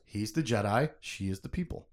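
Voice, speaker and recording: A man's voice: lowish voice, expressive, normal speed. Emotive young man chatting casually. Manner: emotive, laughing, conversational with many fillers. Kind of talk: casual chat about a novel.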